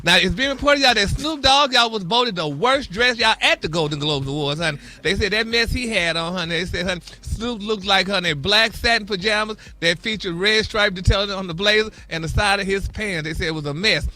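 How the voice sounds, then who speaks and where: A man dishes celebrity gossip on a radio morning show in a high, very bright, sharp voice. He is sassy and dramatic and calls everyone honey between sentences. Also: brisk, few pauses. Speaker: gossip correspondent. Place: radio studio.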